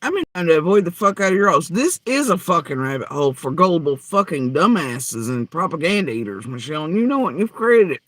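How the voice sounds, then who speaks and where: A man's voice: on the high side, big pitch swings, fast talker, few pauses, a bit bright, no echo. Heated, swearing man with a drawl. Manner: profane, heated, mocking. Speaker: commentary host. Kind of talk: angry reaction rant.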